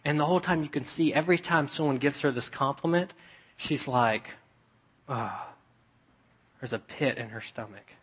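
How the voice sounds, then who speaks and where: A young man preaching a sermon, telling stories in a chatty way and dropping to a hush for emphasis. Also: fairly high pitch, a little fast, slightly rough. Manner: conversational storytelling with dramatic hushed drops.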